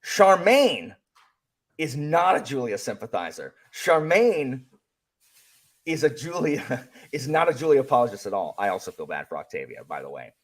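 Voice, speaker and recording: Animated, husky-voiced man chatting about books. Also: mid-range voice, normal speed. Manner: animated, rambling with many fillers and restarts. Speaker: book channel host. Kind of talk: casual book club chat.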